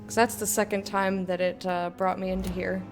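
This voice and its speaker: A woman's voice: mid-range voice, little pitch movement, fairly quick, over music. A woman giving casual commentary while playing a video game, chatty and giggly, talking to herself. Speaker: gamer.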